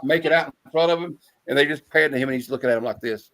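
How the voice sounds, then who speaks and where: A man's voice: medium pitch, rapid-fire, hardly any pauses, a bit bright, a little hiss or hum, poor audio. A middle-aged man in casual chat, rambling and often restarting his sentences.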